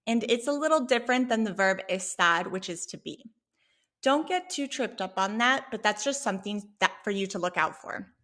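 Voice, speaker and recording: A woman teaching a Spanish lesson, explaining a sample dialogue clearly and patiently. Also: medium pitch, animated, a bit bright. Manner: clear, patient, slow when modeling Spanish phrases.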